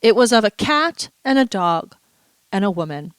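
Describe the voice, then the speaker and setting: A woman's voice: mid-range voice, big pitch swings, moderate pace, smooth, no room sound. A woman vlogger in a casual, chatty monologue, playful and full of asides, a little stuffy and under the weather. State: stuffy, feeling unwell.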